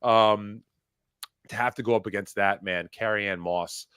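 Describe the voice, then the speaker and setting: A man's voice: fairly low pitch, steady tone, a little slow, fairly bright tone, clean tone, no room sound, clean studio sound. A man hosting a casual chat, rambling and swearing freely, with lots of fillers and restarts. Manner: rambling, profane, emotional, many fillers. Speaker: host.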